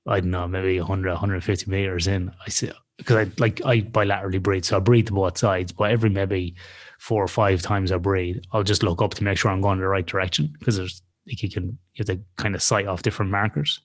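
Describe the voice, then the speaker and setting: Brief: man, low voice, loose profane storytelling for a podcast. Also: steady tone, a little fast. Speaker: podcast co-host. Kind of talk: casual storytelling chat.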